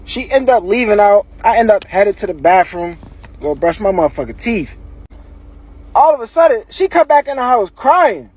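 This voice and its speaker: A man's voice: sits high, sing-song, normal speed, darkish tone, husky. A man telling a story in a casual, slangy, profane way.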